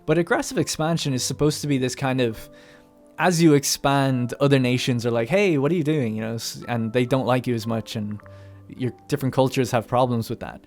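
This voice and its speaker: A man hosting a let's play, chatting casually about his strategy game as he plays, thinking out loud and cursing now and then. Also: medium pitch, fairly even intonation, brisk, soft background music. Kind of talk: casual gameplay commentary.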